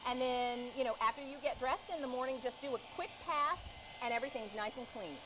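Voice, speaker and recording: A woman hosting a live shopping broadcast, chatting with callers in a bright, reassuring sales manner. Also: high voice, brisk, background noise. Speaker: shopping channel host.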